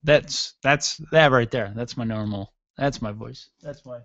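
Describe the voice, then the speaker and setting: A man's voice: mid-range voice, unhurried, fairly bright tone, no echo. A man in his thirties hosting a solo talk radio show, rambling through sarcastic, irreverent jokes. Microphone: studio mic with mixer. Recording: dull lo-fi dry sound.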